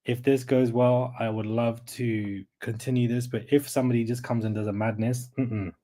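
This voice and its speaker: A man hosting a casual livestream, chatting straight to his viewers in a relaxed, murmuring way. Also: medium pitch, normal speed. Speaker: livestream host.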